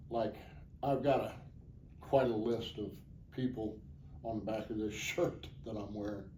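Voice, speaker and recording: A man's voice: fairly low pitch, fairly even intonation, a little slow, warm tone, recorded from a distance. A man answering interview questions as the organizer of a charity motorcycle ride, plainspoken, earnest and rambling. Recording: echoey, off-mic, faint background noise.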